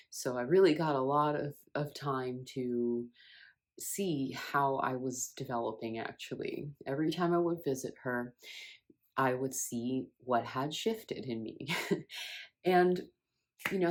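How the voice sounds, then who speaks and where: Speaking as a spiritual wellness creator, a low-voiced woman reflects earnestly on inner healing in a self-help monologue. Her expressive delivery spikes upward whenever she emphasizes something, then returns to its resting level, and she sounds sincere and personal throughout.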